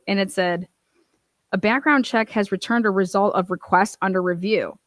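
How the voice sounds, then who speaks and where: A woman's voice: mid-range voice, normal speed, dry recording. Woman host, mid-range voice, fired-up casual commentary, dry close sound. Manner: emphatic, indignant, with frequent fillers and asides. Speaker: true-crime advocate host.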